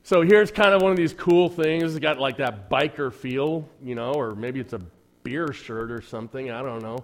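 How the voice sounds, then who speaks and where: At medium pitch and a moderate pace, a pastor delivers a Sunday sermon in church. He's conversational and joking, leaning on dry sarcasm and peppering the congregation with rhetorical questions.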